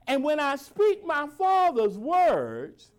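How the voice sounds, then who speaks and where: A pastor delivers a sermon in a high voice whose pitch swoops wildly. He quotes old scripture and speaks informally, asking the congregation for agreement, and uses a call-and-response cadence, slowing way down to stress the lines he wants them to repeat.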